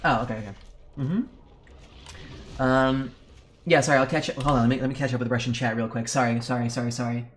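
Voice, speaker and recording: Brief: male game streamer, mid-pitched, swears a lot, rants loudly, then reads chat. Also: very fast. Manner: profane, animated ranting; chatty, reads and answers chat. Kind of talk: casual live-stream chat.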